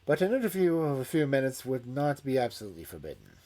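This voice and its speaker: A man's voice: mid-range voice, very animated, fast talker, dark tone, close to an everyday voice. A man voicing a composed male surgeon who gives a clipped medical report. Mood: brisk.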